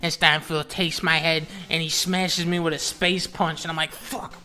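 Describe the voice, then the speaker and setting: A man's voice: on the high side, level tone, moderate pace. A young man telling a rambling, profane comic story over gameplay, stammering through runs of "and then" and making sound-effect noises. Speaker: gaming comedian narrating.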